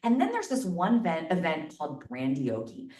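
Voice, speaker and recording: A woman telling a personal story live to an audience, chatty and animated, packing her sentences with "like". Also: deep voice, moderate pace. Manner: chatty, animated, lots of filler "like". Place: stage before a live audience. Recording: echoey room, mic at a distance.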